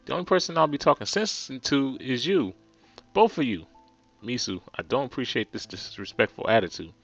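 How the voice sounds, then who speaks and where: A man's voice: mid-range voice, animated, fairly quick, a bit bright, lo-fi sound, faint music behind. A man with a New Jersey accent voicing a stern, stuffy male schoolteacher in a pompous, scolding tone. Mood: indignant.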